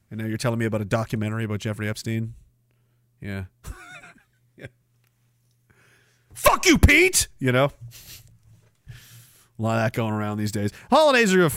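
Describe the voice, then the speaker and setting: A man's voice: mid-range voice, no echo, clean studio sound. A man hosting a livestream, reading chat aloud in a profane, sardonic way and laughing often. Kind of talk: casual chat.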